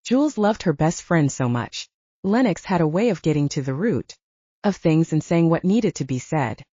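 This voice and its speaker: A woman narrating a romance audiobook with expressive storytelling. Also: deep voice, moderate pace, dry recording, dull audio. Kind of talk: scripted narration.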